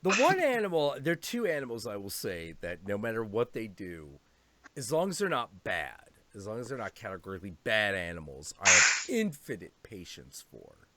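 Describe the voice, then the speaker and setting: A man's voice: fairly low pitch, moderate pace, slight background noise. A man chatting casually on a live stream, swearing and laughing as he tells animal stories. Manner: profane, laughing, animated storytelling. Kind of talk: casual chat.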